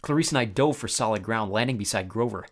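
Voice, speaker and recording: A man's voice: lowish voice, fast talker. A man reading a story aloud, narrating expressively in the first person.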